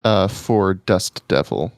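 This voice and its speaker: A man's voice: sits low, expressive, slow pace, no room sound, studio quality. A man playing a tabletop game, politely asking the game master about his spells. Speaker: player.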